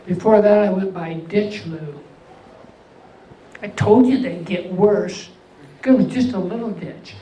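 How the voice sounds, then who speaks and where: An older man with an unusually high voice doing a stand-up comedy set, delivering deadpan one-liners with pauses before each punchline. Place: veterans' hall event room. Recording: echoey hall, mic far off, faint hum.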